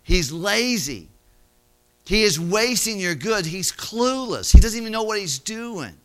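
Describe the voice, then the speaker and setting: A man's voice: high voice, big pitch swings, a little slow. A man voicing a gossiping informer who confides tales about a coworker. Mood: tattling. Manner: confiding, tattling.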